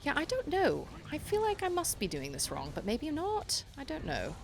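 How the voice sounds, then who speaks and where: Chatty, lively young woman game streamer. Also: sits high, normal speed, vocal fry, soft background music. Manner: chatty, self-deprecating, thinks aloud with frequent restarts. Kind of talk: live game stream chat.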